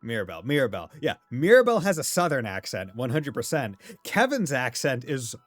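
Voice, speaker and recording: A man's voice: medium pitch, wildly swooping pitch, brisk, a bit bright, dry recording, soft background music. A man from Massachusetts with a Massachusetts accent, chatting casually and rambling as he streams a game, laughing often. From Massachusetts, USA. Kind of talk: casual chat while playing a game.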